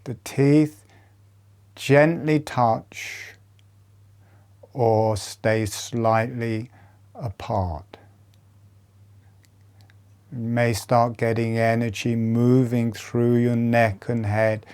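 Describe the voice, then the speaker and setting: A man leading a guided breathing meditation, giving calm instructions softly with long pauses. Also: mid-range voice, clear, resonant tone.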